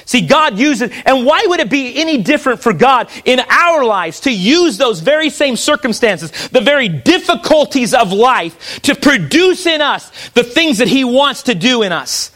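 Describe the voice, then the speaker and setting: A male pastor with a very high, bright, forceful voice delivers an earnest sermon. He leans on repetition and restarts phrases as he presses his point. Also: very animated, normal speed, hardly any pauses.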